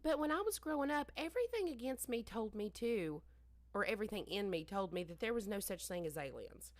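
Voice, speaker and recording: A woman co-hosting a podcast, telling stories in a chatty, animated way. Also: mid-range voice, fairly quick, no echo. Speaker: podcast co-host. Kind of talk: casual chat.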